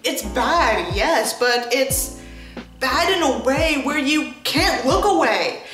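Sarcastic woman with a lively high voice. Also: slow. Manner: sarcastic, exasperated, swears freely. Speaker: book reviewer and host. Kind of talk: sarcastic book commentary. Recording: roomy echo with music behind. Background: background music.

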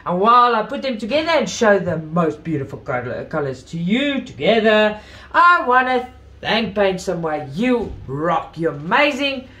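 A woman host chatting to viewers in an unboxing video, gushing with praise, still recovering from an illness with coughs and throat-clearing. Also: medium pitch, big pitch swings, moderate pace, a bit bright. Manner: gushing, effusive about everything. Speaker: craft channel host. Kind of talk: casual unboxing chat to viewers.

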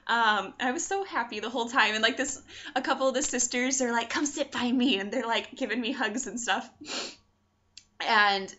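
A woman's voice: fairly high pitch, sharp tone. A young woman telling her own story in a chatty, casual way, full of "like" and acted-out quotes. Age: young adult. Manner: chatty, quick, full of likes and quoted voices. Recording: dull lo-fi sound.

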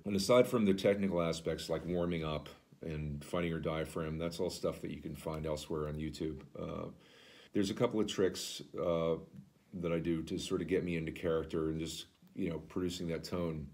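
A baritone man instructs singers on imitating a rock vocalist, his talk casual and throaty with swallowed words. The tone is steady, the pace brisk, and the voice a little mellow.

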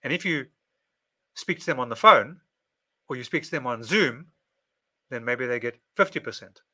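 A man talks straight to camera in a relaxed, chatty monologue, his voice bright and ringing at an ordinary pitch. He strings his thoughts into long repetitive lists, piling one phrase on the next. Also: moderate pace. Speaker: video presenter.

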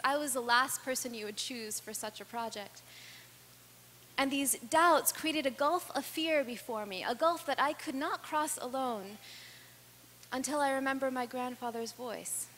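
A woman giving an earnest personal storytelling speech, with dramatic pauses that build in intensity. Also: sits high, fairly bright tone. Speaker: speaker. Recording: reverberant hall with faint hum.

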